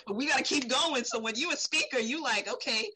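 A woman from the Caribbean, a guest speaker in a casual interview, telling lively stories, acting out quotes and laughing often. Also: sits high, fairly quick, noisy background.

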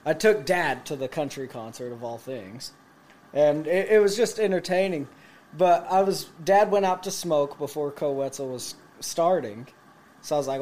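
A man's voice: fairly high pitch, normal speed. Profane, laughing storyteller man. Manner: profane, animated, laughs through his stories. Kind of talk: casual storytelling among friends.

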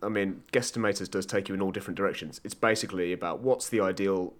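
A man's voice: low-pitched, steady tone, fast. A man, the show's quizmaster, explaining the week's quiz in upbeat casual chat.

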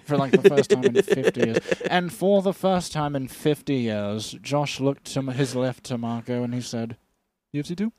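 A young man co-hosting a comedy podcast, teasing and dropping deadpan jokes in casual chat. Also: mid-range voice, normal speed, few pauses. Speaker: podcast co-host. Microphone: studio podcast mic.

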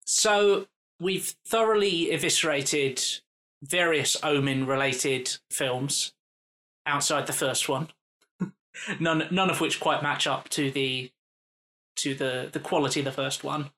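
Bright-voiced podcast co-host. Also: medium pitch, fairly even intonation, slow. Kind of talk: casual chat, reading ads.

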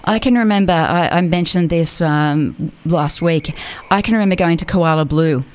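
A woman's voice: lowish voice, moderate pace, clear, resonant tone. A woman in her forties hosting a radio interview, friendly and conversational. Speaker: radio host.

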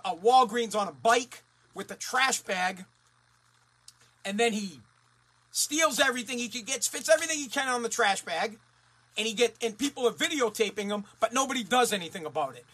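A man's voice: high voice, sharp tone. A man ranting as a talk radio host, blunt, profane and fired up.

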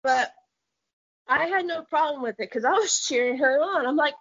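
A woman co-hosting a podcast, talking in a blunt, profane and animated way in casual chat. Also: sits high, normal speed, lo-fi sound. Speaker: podcast co-host.

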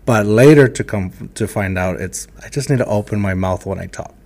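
A man hosts a casual podcast conversation, his voice sitting on the low side. He speaks in a relaxed, reflective way and pokes fun at his own habits. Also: fairly quick, vocal fry. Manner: reflective, self-deprecating, relaxed. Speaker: podcast host. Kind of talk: casual interview chat.

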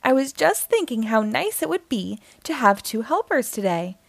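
A woman voicing a sweet, cheerful cartoon mouse woman in a storybook reading, upbeat and warm. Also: fairly high pitch, big pitch swings, moderate pace, vocal fry, no room sound, full character voice.

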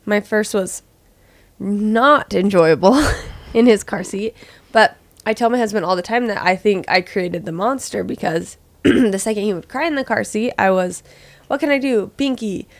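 A woman's voice: medium pitch, moderate pace. A woman and mother chatting casually, recounting her own experience. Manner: backchannels a lot, then tells her own story. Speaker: mother, co-host. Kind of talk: casual podcast chat.

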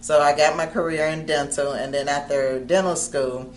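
A woman's voice: deep voice, steady tone, moderate pace. A woman comedian in her thirties from Ohio, telling her story in a casual interview and acting out the people she quotes. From Cincinnati, Ohio. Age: 30s. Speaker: comedian guest.

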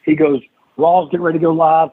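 A man's voice: a little high, quick pace, breathy edge, dry recording. A man, a guest on an interview podcast, telling a long story and acting out the quoted lines of the people in it. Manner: animated storyteller who acts out quoted lines. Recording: dry, tinny phone-like line.

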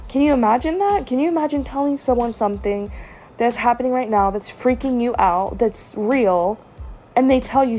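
A woman's voice: a little high, lively intonation, moderate pace, a little mellow, faint music behind. A young woman in her twenties telling a personal story on her podcast, upset and venting, with lots of fillers. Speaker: podcast host.

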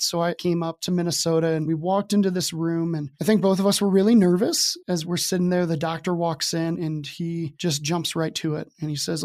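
A man's voice: fairly high pitch, steady tone, fairly quick, hardly any pauses, a little mellow. A young adult man telling his own story as a podcast guest, candid and casual, with wry self-deprecating humor.

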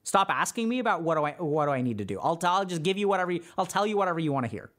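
Offering relationship advice on his podcast, a mental health doctor speaks very fast and animatedly in an earnest, conversational tone with plenty of fillers. His voice runs high and a bit bright.

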